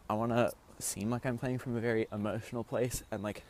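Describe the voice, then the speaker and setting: A man's voice: mid-range voice, fairly even intonation, a little fast, slight background noise, rough recording. A man recording a confessional diary vlog from his bedroom, rambling through his game strategy with lots of fillers. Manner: rambling, filler-heavy storytelling; talks quietly to avoid waking parents. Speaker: online game contestant.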